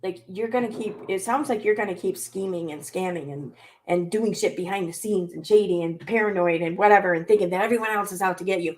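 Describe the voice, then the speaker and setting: A woman's voice: medium pitch, darkish tone. A woman hosting a commentary channel, reacting to clips with sarcastic, exasperated rants full of swearing.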